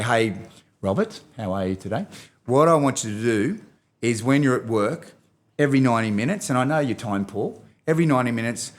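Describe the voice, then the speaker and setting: An Australian man talking as a podcast guest and movement expert, energetic and animated, coaching the host as he explains. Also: mid-range voice. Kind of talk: enthusiastic podcast interview talk.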